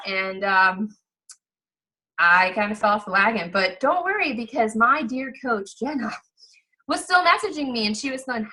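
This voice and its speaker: A woman in her thirties gives a personal testimonial about becoming a fitness coach, chatty and earnest with lots of fillers. Her voice is a little high and sharp, with lively intonation at a measured pace, and the audio is poor. She acts out quoted exchanges in livelier voices.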